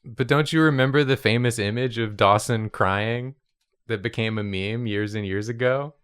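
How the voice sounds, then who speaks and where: A man hosting a casual group chat, loud and playful. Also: mid-range voice, normal speed, smooth. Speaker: host.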